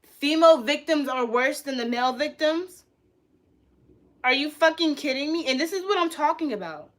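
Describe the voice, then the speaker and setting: A young woman on a live stream ranting in a heated way, swearing often and going back over the same points. Her voice sits a little high for a woman. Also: lively intonation, normal speed. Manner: heated, profane, repeats herself. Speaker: livestreamer. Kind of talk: casual live-stream reaction rant.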